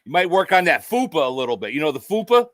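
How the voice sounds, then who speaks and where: Sarcastic man ranting, bright lively voice. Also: on the high side, fast, no echo, studio quality. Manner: mocking, profane, keeps jabbing at an unseen "sir". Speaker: vlogger. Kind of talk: sarcastic monologue to the camera.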